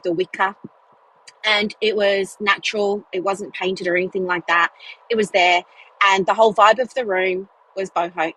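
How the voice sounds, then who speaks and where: A woman's voice: mid-range voice, breathy edge, low-quality recording. A woman, a business mentor, chatting casually in a solo podcast, telling stories with lots of fillers and playful asides. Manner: chatty, animated storytelling with many fillers and "guess what" asides.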